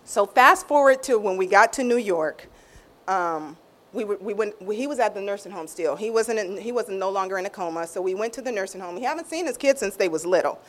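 Animated middle-aged woman telling a testimony. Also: brisk. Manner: expressive, acts out quoted voices with big pitch swings; informal, repeats and restarts phrases. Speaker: guest sharing a personal testimony. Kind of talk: emotional faith testimony storytelling.

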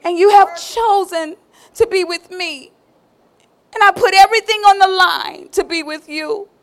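A seductive woman, as a woman preacher puts her on, pleads and coaxes in a soft, half-whispered voice. She draws her words out slowly, sweet and wheedling. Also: very high-pitched. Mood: wounded pleading.

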